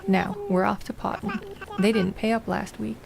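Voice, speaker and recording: A woman's voice: medium pitch, fairly even intonation, moderate pace, gravelly. A woman reading a mocking pirate. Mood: taunting. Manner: mocking, threatening. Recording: noisy home recording.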